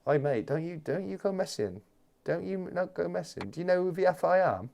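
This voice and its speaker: A man's voice: sits high, animated, brisk, vocal fry, pitched above the performer's own voice. A man putting on the voice of a furious, boastful road-raging man who threatens people. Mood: aggressive. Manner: shouty, menacing, swaggering.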